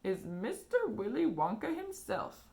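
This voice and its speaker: A woman reading aloud and voicing a kindly, doubtful old grandfather who speaks haltingly and cautiously. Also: mid-range voice, big pitch swings, creaky, darkish tone. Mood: worried. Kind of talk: storybook read-aloud.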